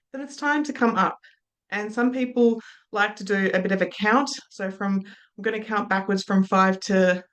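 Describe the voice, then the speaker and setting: A woman trainer walks students through hypnosis technique in an easy, explanatory lecture. Now and then she drifts into slow, soothing trance patter to show how it sounds. Her pitch sits in an ordinary middle range.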